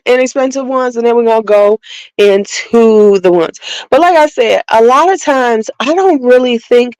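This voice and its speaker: A woman's voice: on the high side, darkish tone, clean tone, no room sound, low-quality recording. A woman from Chicago hosting a casual beauty livestream, chatting candidly, rambling and greeting viewers by name.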